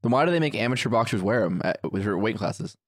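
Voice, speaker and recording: A man's voice: on the low side, expressive, fast talker, no room sound, studio quality. A man co-hosting a casual podcast, teasing the others bluntly. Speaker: podcast co-host. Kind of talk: casual chat.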